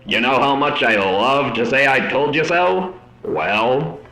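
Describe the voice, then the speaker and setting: A man's voice: medium pitch, lively intonation, takes it slowly, pushed and bright, reverberant, faint music behind, pitched above the performer's own voice, full character voice, low-quality recording. A man voicing a cocky, taunting four-armed male archon in a narrated story. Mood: smug.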